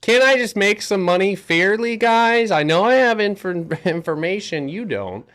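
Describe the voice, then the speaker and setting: A man putting on the voice of a whiny, greedy rich man as a mocking bit, his voice pushed high and loud. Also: animated, normal speed. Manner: mocking, high-pitched whine. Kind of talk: mocking impression on a livestream.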